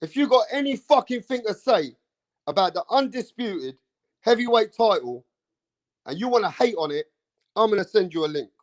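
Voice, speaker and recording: A man's voice: high voice, big pitch swings, normal speed. A man hosting a boxing channel, ranting hard at camera, swearing often and repeating himself. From England. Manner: fired-up, profane, repeats himself, keeps saying bro. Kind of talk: heated opinion rant to camera.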